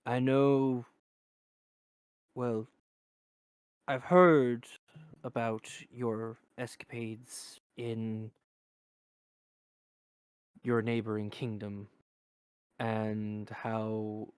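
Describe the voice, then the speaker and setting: A formal court official in a tabletop game, put on by a man, speaking slowly and with composure. The voice sits at an ordinary pitch, and the recording sounds dry and close to the mic. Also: little pitch movement, clear, resonant tone, dry recording. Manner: measured, formal.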